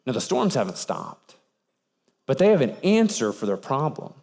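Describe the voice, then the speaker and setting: A man preaching a sermon, telling the story in an animated way and acting out the sailors' lines. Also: mid-range voice, moderate pace, vocal fry, big-room sound. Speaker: pastor.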